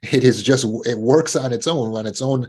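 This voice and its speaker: A man's voice: medium pitch, moderate pace, darkish tone, husky. A man coaching listeners about panic, in a teaching talk, who acts out anxious inner voices in a rising tone and repeats words as he restarts. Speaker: trauma recovery coach.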